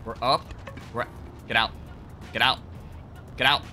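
Very bright-voiced hyped gamer man. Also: medium pitch, fairly even intonation, measured pace, faint music behind. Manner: hyped, joking, crude trash talk, bursts of yelling. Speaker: gaming video creator. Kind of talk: excited gameplay commentary.

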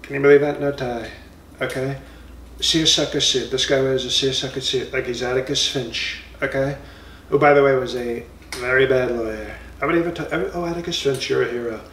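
A blustering former president rambles and boasts, handing out mocking nicknames, as a man puts him on. The voice sits at a middle pitch and sounds a little distant from the mic, in a roomy space with faint ambience behind. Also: fairly even intonation, a little fast, fairly bright tone, slight background noise, lightly acted. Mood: boastful. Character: comic impression of a blustering former male president. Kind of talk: comedy impression monologue.

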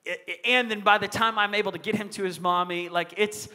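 A man's voice: high voice, fairly even intonation, fairly quick, pushed and bright. A middle-aged male pastor preaching a sermon in a church, with emphatic call-and-response and prayer. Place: church sanctuary on a stage. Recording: reverberant church hall.

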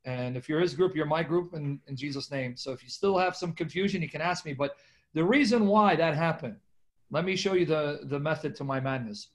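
Emphatic male Bible teacher, slightly high voice, video-call audio. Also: brisk. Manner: animated, emphatic, talks to viewers as "guys". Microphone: video call microphone.

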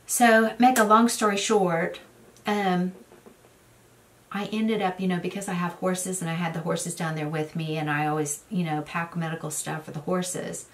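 A woman's voice: on the low side, level tone, moderate pace, distant mic. A woman chatting casually in a get-ready-with-me vlog, telling a rambling story full of fillers. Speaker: beauty vlogger.

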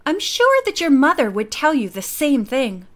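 A woman's voice: high voice, very animated, normal speed. A woman voicing a bold, kind teenage girl detective in an audiobook, speaking in a friendly, encouraging way.

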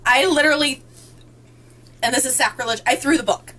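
A young woman from Indiana hosts a casual book chat with friends, bubbly and quick to laugh. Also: high voice, rough recording. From North Central Indiana, US. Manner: bubbly, excitable, laughs often. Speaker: book vlogger hosting a book tag.

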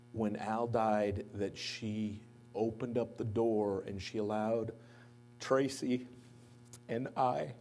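Mellow-voiced man telling memorial anecdotes. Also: fairly low pitch, slight background noise. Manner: anecdotal storytelling, lively when quoting others. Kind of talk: eulogy at a memorial service. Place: church sanctuary.

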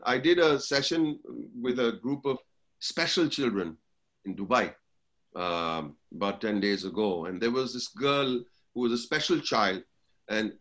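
A man, giving an online talk as actor and motivational speaker, telling stories with lively acted voices. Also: mid-range voice. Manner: animated storytelling, acts out the voices in his anecdotes.

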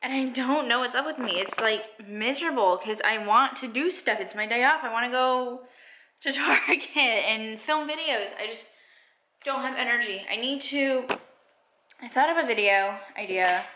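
A woman's voice: a little high, moderate pace, background noise. Tired young woman rambling in a vlog. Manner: rambling and self-deprecating. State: tired and drained. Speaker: vlogger. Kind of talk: casual vlog chat. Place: car and home.

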